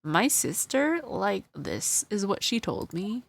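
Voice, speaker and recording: A woman's voice: mid-range voice, big pitch swings, slow, vocal fry, faint music behind, exaggerated voice. A woman voicing a ditzy young valley-girl witness in a video game, speaking with a Valley Girl accent and filling every phrase with "like.". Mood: reluctant. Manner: says "like" constantly, hesitant. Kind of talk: reading game dialogue aloud.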